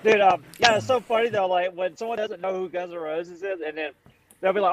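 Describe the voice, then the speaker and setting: A man's voice: sits high, fairly even intonation, fairly quick, poor audio. A man chatting casually on a podcast, rambling with many fillers and calling people man and dude.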